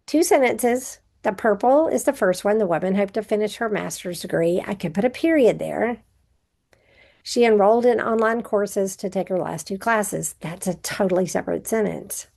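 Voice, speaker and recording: A woman's voice: medium pitch, moderate pace, gravelly, darkish tone. A woman teaching a recorded grammar review, patiently explaining step by step with example sentences.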